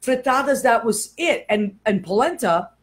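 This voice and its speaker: An older woman hosting a casual chat show, telling lively stories with lots of fillers. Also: fairly high pitch, normal speed. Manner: chatty, animated storyteller. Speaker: host.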